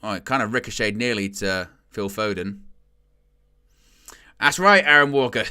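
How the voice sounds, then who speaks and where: Bright-voiced man commentating a match. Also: lowish voice, normal speed, clean tone. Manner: chatty, wry, bursts into loud excitement at chances. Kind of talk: casual live match commentary.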